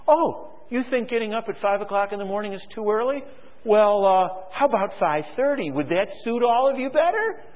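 A man's voice: high-pitched, lively intonation, brisk, big-room sound, narrow, tinny audio. A man voicing a drill instructor who sarcastically pretends to give in to recruits. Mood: sarcastic. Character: drill instructor mockingly offering to sleep in.

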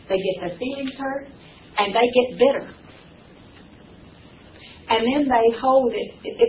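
An older woman giving an earnest, emphatic church teaching talk, folksy and repeating key phrases for effect. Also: medium pitch. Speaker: speaker teaching ministry wives. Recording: distant, phone-like, faint hiss.

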